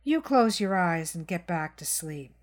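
A woman's voice: on the low side, expressive, unhurried. A woman voicing a protective mother. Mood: soothing. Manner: soothing, then cold and commanding. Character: protective mother of young boys, firm.

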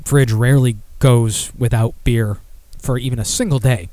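A man's voice: medium pitch, fairly even intonation, moderate pace, warm tone, dry recording. Rambling, swearing podcast host man. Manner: rambling, crude, swears often, reads product copy aloud. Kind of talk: casual solo podcast talk.

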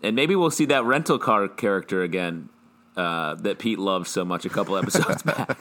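Deep-voiced joking man with a lively delivery. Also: moderate pace. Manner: joking, deadpan teasing. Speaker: podcast co-host. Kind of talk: casual TV recap chat.

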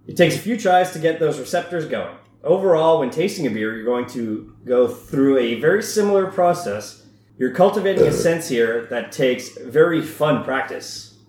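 A man's voice: on the high side, very animated, normal speed, darkish tone, reverberant. Canadian man reading a beer guide. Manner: reads the guide aloud, interrupted by laughter. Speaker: podcast host. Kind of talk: casual podcast chat, reading a guide.

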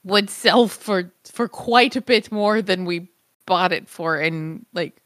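Bright, giggly woman in casual chat. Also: fairly low pitch, slow pace, no echo, clean studio sound. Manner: giggly, chatty, lots of "like" fillers. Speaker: podcast co-host.

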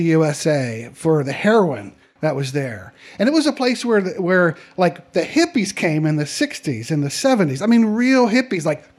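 A middle-aged man telling a personal story to an audience in a conversational, animated way, acting out the voices of the people in it. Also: sits high.

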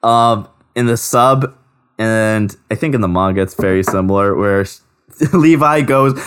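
A man co-hosting a podcast, chatting casually about an anime's dub and sub with quick laughing asides. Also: on the low side, smooth. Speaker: podcast co-host. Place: in a car.

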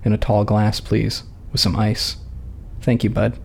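A man's voice: fairly low pitch, level tone, measured pace, vocal fry, a little mellow. A man reading aloud and voicing a sardonic young wife with dry, unimpressed remarks.

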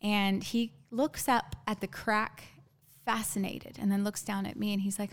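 A woman guest telling a painful personal story in a halting, earnest way, with many fillers and restarts. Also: medium pitch, level tone.

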